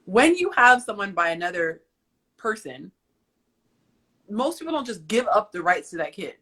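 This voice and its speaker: A woman's voice: medium pitch, sing-song, moderate pace, a bit bright. A woman arguing her views emphatically in a casual live conversation. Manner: emphatic, opinionated. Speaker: guest on a live stream.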